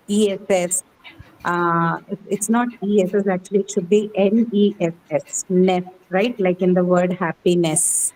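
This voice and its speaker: A medium-pitched, darkish female voice comes through a low-quality recording with a little hiss or hum. She is an English teacher teaching a lesson, asking questions and tossing in "right?" to check in while she explains.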